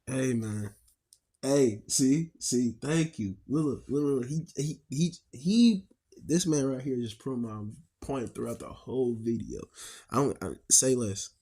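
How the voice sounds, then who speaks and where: A man co-hosting a reaction video, talking in an animated, rambling and profane way. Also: mid-range voice, unhurried. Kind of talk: casual reaction chat.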